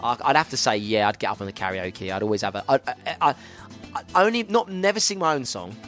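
Lively singer for a chatty guest spot, bright voice, very animated pitch, rowdy storyteller. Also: male voice, fast talker, faint music behind. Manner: rowdy, animated anecdote-telling with swearing and laughter. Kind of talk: casual chat, storytelling.

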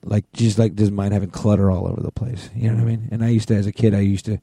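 Middle-aged podcast guy, really dark husky voice, low pitch, blunt and dry, swears a lot. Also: little pitch movement, fast talker, no room sound. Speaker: podcast co-host. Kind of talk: casual chat.

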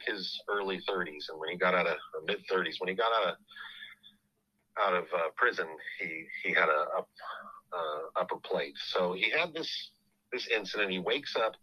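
Middle-aged male podcast host, low voice with a sharp, forceful edge, halting casual storytelling. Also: breathy edge, poor audio. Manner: halting, full of restarts and you-knows. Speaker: podcast host telling his family story.

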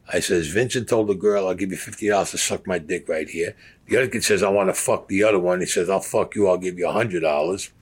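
A man's voice: low voice, slightly rough. A man telling blunt, profane stories from his past as an interviewee, acting out the voices of the people he quotes. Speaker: interviewee recounting mob stories. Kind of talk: casual storytelling.

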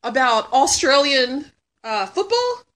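A woman in her thirties, chatting casually as a guest and answering questions with lots of laughing, swearing and sudden shouts. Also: sits high, sing-song, slow pace. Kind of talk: casual chat.

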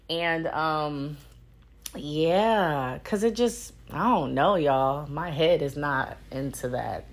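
A woman's voice: sits low, expressive, slow pace, fairly bright tone. A young woman hosting her own podcast, chatting casually and candidly, swearing freely and laughing often. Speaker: podcast host. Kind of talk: casual solo podcast chat.

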